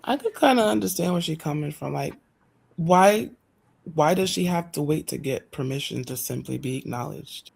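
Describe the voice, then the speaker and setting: A woman's voice: sits low, lively intonation, moderate pace, vocal fry, a little mellow, husky. A woman, teasing and challenging others in a casual panel debate.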